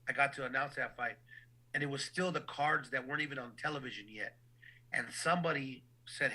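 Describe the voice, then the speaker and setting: A man with a very bright, ringing voice tells stories from his work as a boxing ring announcer. He talks in an animated, casual way and often stumbles over repeated words as he begins a sentence. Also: mid-range voice, brisk, poor audio. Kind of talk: casual interview storytelling.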